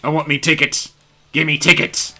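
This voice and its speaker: A man doing a brash, shouty puppet host. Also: on the high side, little pitch movement, normal speed. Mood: demanding. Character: crude loud male puppet kids' TV host.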